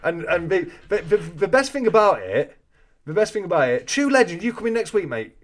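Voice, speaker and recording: A man's voice: high-pitched, very animated, fairly quick. A man hosting a casual live chat, joking and reading out viewer comments. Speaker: host of a coin-collecting live chat.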